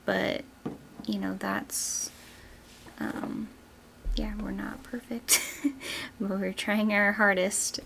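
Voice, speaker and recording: Slow, gravelly young woman. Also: medium pitch, a bit bright. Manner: hesitant, many fillers. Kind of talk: casual group discussion.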